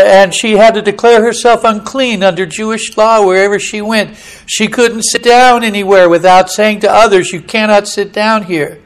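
Guy preaching hard, high voice, goes quiet then hollers, keeps repeating himself. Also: rough recording. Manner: swings from hushed retelling to loud hollering; emphatic, repetitive preaching cadence. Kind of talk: fiery sermon.

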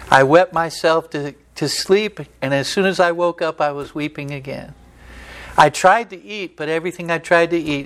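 A middle-aged man preaching a sermon in a folksy, emphatic way, swinging between loud and soft. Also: a little high. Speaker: pastor.

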